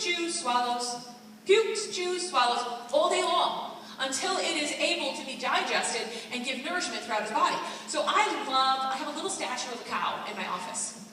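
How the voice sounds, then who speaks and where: Animated woman preaching in an echoey hall. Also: high voice. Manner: animated, playful, laughs often. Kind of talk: lively sermon with a children's object lesson. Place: large church hall. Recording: echoey hall, distant mic, faint room noise.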